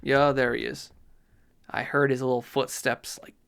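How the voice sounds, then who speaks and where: A man's voice: mid-range voice, level tone, measured pace, gravelly, a bit bright, clear, resonant tone. A man giving casual gameplay commentary, rambling to himself with mock outrage.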